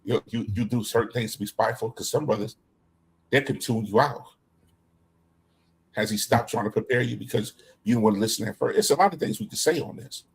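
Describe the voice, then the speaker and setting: A man's voice: medium pitch, a little fast, vocal fry, slightly rough. A middle-aged man in casual scripture discussion, talking in an emphatic, preacher-like way. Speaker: co-host.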